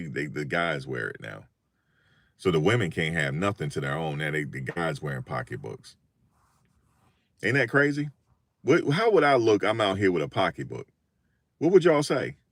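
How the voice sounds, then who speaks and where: An older man telling funny stories in a casual, animated monologue, often repeating himself. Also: rumbling low, no room sound. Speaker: vlogger.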